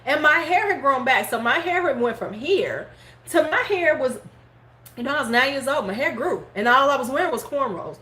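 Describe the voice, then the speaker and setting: Animated middle-aged woman telling a story, roomy echo. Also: high voice, normal speed. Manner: animated, swears freely, acts out relatives' words. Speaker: beauty vlogger hosting a live stream. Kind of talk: casual storytelling chat. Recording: roomy echo, faint background noise.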